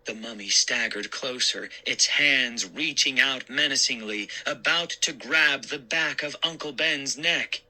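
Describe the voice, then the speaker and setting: A man narrating a spooky story in a measured, dramatic reading. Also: medium pitch, sharp tone, rough recording.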